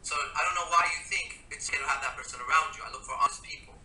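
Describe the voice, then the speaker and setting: A man's voice: a little high, rapid-fire, music in the background. A man talking in a casual interview as a mentor, blunt and emphatic, with frequent swearing. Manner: blunt, emphatic, profane coaching. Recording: echoey room, voice from a distance.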